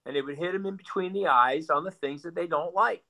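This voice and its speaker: A man's voice: fairly high pitch, a little fast, pushed and bright. A male guest talking politics bluntly and sarcastically, often repeating words as he builds a point. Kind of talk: animated political talk.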